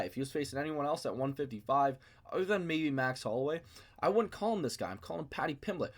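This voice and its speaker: A man hosting a casual fight commentary vlog from his basement, rambling and self-mocking. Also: mid-range voice. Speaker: MMA video host.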